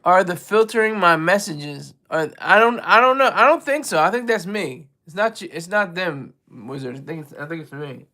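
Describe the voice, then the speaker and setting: A man's voice: high-pitched, animated, moderate pace, few pauses, bright, forceful tone. A man chatting casually on a livestream from home, rambling and self-deprecating, with many restarts. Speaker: livestream co-host and regular caller.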